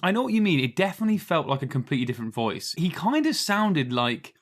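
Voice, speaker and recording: A man co-hosting a film podcast in casual, animated chat, laughing often. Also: a little high, fast talker. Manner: chatty, animated, laughs often, does voices. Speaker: podcast co-host.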